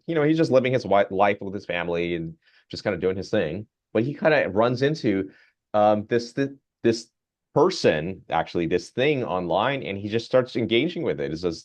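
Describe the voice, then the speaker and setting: A man, a physician, giving a grand rounds lecture in a conversational, animated storytelling way. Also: fairly low pitch, muffled recording.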